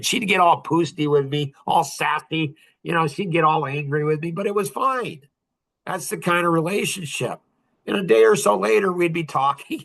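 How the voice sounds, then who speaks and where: Podcast host, man, 60s, blunt and preachy, bright voice. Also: on the high side, moderate pace, vocal fry. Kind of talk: casual podcast talk.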